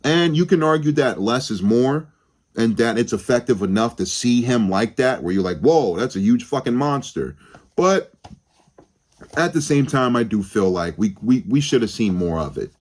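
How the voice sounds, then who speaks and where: A young man reviews a film on his channel in a rambling, casual way, swearing freely and often restarting sentences. His voice is medium-pitched with lively intonation, at a normal speed.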